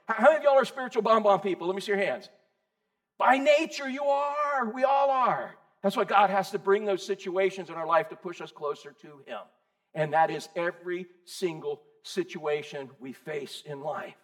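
A man preaching a sermon as pastor, lively and conversational, asking his congregation questions. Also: high voice, normal speed. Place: church.

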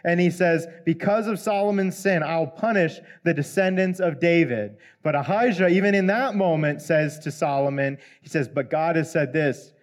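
A man gives a relaxed, conversational sermon, retelling an old story in everyday language. His voice sits a little higher than most men's. He slips into the lines of the characters as he goes. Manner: conversational, acts out the characters' lines in quick asides. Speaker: preacher.

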